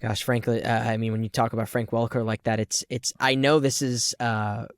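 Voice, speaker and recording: A man's voice: mid-range voice, little pitch movement, fairly quick, no room sound, clean studio sound. A man hosting a podcast interview, speaking earnestly and at length, with restarts. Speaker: podcast host. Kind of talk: conversational interview.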